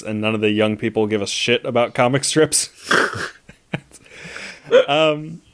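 A man's voice: medium pitch, unhurried, pauses often, a bit bright, clear, resonant tone. Rambling enthusiastic male podcast co-host. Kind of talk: casual movie podcast chat.

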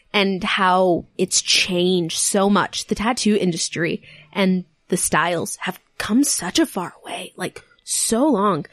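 A woman's voice: medium pitch, no room sound, clean studio sound. A young woman tattoo artist chatting as a podcast guest, talking in a sentimental way with frequent laughs. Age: young adult. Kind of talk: casual interview chat.

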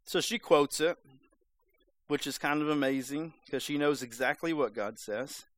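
A man's voice: fairly high pitch, moderate pace, a bit bright, no echo. A man preaching a sermon in a conversational, emphatic way, sometimes acting out voices. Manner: conversational, emphatic, acts out the serpent's lines.

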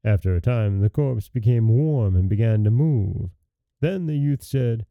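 A man hosting a podcast, calmly reading a fairy tale aloud in a measured way. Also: medium pitch, no echo, phone-quality sound. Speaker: podcast host and storyteller. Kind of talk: scripted storybook narration.

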